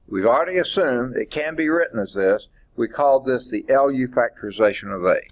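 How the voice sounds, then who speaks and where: Man lecturing slowly at a board. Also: medium pitch, expressive. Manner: deliberate, stretches words while writing on the board. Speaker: math instructor. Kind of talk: classroom lecture. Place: classroom.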